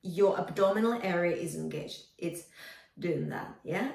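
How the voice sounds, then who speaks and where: A woman's voice: medium pitch, normal speed, vocal fry. Roomy-sounding woman vocal coach. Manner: encouraging, demonstrative, sings short phrases to show. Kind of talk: singing lesson feedback with sung demonstrations. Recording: roomy, from a distance.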